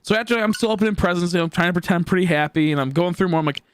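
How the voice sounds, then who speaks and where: Rambling young man, higher voice. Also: rapid-fire, smooth. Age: 20s. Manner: rambling, heavy on fillers and swearing. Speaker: streamer. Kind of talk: casual storytelling.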